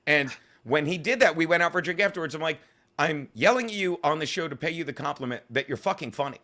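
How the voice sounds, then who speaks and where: A male comedian telling rambling, profane stories in an interview. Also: a little high. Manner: fast, swearing, animated storytelling. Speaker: comedian guest.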